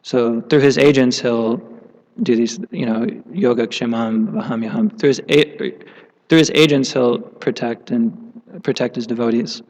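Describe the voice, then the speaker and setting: Guy playing a humble puzzled scholar, halting, long hall echo. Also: mid-range voice, steady tone, darkish tone, close to an everyday voice. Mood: doubtful. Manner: hesitant, halting.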